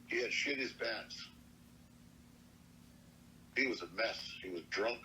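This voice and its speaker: A man's voice: lowish voice, takes it slowly, sharp tone, slight background noise, low-quality recording. An older man from Montana telling a personal story from his youth, plainspoken and earnest, with salty language. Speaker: elder storyteller. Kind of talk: personal oral-history storytelling.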